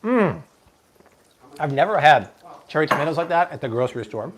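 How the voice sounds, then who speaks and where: A man's voice: on the high side, big pitch swings, a little fast, slight background noise. A man hosting a live cooking demonstration in his kitchen, talking enthusiastically and exclaiming over the food. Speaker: cooking show host. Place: home kitchen.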